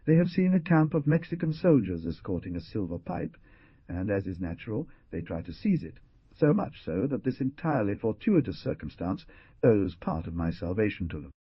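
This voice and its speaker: A man voicing a calm, sarcastic frontier scout in a storybook reading. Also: on the low side, moderate pace, slightly rough, no echo, lo-fi sound. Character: cool mocking mestizo scout, man.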